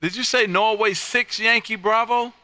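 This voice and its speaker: A man from Texas, hosting a live-streamed ham radio session and working contacts in a loud, upbeat, friendly way. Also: high-pitched, fairly even intonation, normal speed, heavy background noise. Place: home radio room.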